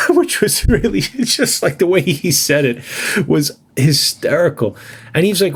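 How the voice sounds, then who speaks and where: A man co-hosting a podcast, telling animated stories in casual chat and laughing as he goes. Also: mid-range voice, moderate pace, slightly rough. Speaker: podcast co-host.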